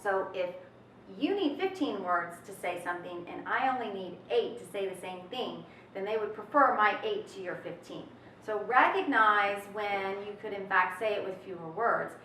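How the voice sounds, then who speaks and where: A woman's voice: mid-range voice, animated, normal speed, a bit bright, a little hiss or hum. A woman teaching a recorded test prep lesson in an upbeat, chatty way with folksy asides. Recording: roomy echo, mic at a distance.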